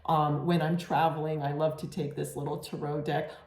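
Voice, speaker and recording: A woman's voice: low voice, flat delivery, normal speed, gravelly, a little mellow. A woman giving a casual, reassuring tarot reading to camera, with many fillers and restarts. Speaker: tarot reader. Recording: echoey room.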